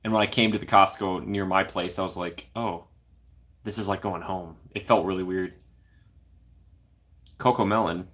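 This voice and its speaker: A man's voice: low voice, steady tone, moderate pace, pauses often, fairly bright tone. Playful man chatting on a livestream. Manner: playful, laughs often, reacts to chat. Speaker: livestream host. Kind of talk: casual live chat reading comments.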